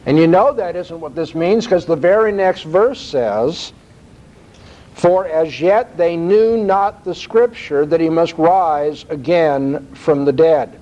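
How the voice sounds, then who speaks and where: A man preaches a sermon with a slightly high voice, his pitch lifting as he quotes scripture and drives home each point. The recording is muffled and lo-fi. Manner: expressive, rising emphasis when quoting scripture. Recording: dull lo-fi recording.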